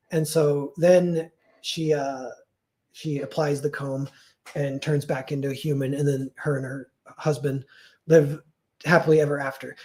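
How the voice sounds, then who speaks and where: A man casually retelling a folk tale on a livestream, rambling and full of "like" and self-corrections. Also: fairly high pitch. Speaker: streamer.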